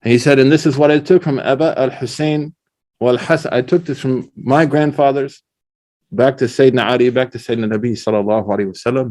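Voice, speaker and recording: A middle-aged man, an Islamic scholar, giving a casual religious lecture with animated storytelling, slang and recited Arabic quotations. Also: medium pitch, quick pace.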